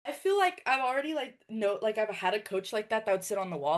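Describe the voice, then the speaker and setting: Fast-talking young woman, lively storyteller. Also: mid-range voice. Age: young adult. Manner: fast, filler-heavy, animated storytelling with quoted dialogue. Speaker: former college wrestler and coach. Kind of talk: casual conversation.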